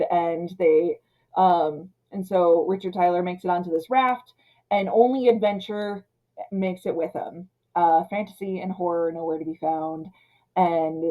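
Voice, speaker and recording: A woman in her thirties casually ranting about an old film, retelling scenes and slipping into quick character voices. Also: on the low side, warm tone, poor audio. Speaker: film commentator. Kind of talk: casual movie rant.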